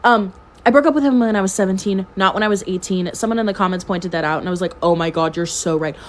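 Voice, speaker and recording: A woman's voice: mid-range voice, fast talker. A very tired young woman at home telling a messy personal story in casual chat, swearing freely and laughing often. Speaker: storytime vlogger. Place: at home with her cat.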